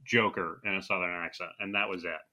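Guy with a bright sharp voice, wry and blunt on a podcast. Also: deep voice, steady tone, a little fast. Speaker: podcast co-host. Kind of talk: casual chat reviewing a comedy show. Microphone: remote call recording.

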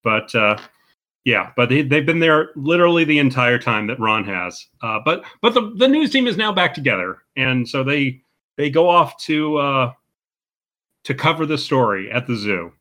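A man's voice: very animated, moderate pace, pushed and bright. A man co-hosting a casual podcast, recapping a comedy movie in a playful, jokey way and acting out lines. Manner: playful, jokey, acts out quotes in high voices. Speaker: podcast co-host.

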